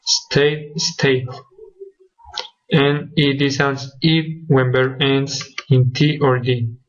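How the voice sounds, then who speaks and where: A man's voice: medium pitch, steady tone, slow pace. A young man presenting a grammar lesson from slides as a student, listing examples one by one. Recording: dull lo-fi recording.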